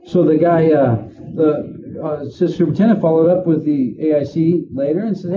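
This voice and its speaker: A man working in prison administration, answering interview questions slowly with many pauses and fillers. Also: on the high side, phone-quality sound, crowd noise. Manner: slow, halting, with many fillers.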